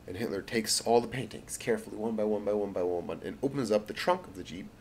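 Lively low-voiced man spinning a rambling yarn. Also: fast, slight background noise. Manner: rambling, self-correcting, many fillers and asides. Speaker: storyteller. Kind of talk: improvised spoken storytelling.

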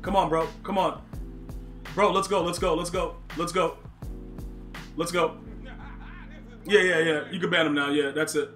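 A young man commentates his football video game on a live stream, talking to chat and repeating himself when excited. His voice is high and bright, with soft music in the background. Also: a little slow, long pauses. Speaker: gaming streamer.

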